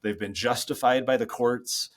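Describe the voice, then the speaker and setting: A man speaking as a guest over a laptop video call from his office, explaining ideas in an animated, storytelling way. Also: medium pitch, moderate pace. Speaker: guest author. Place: home office.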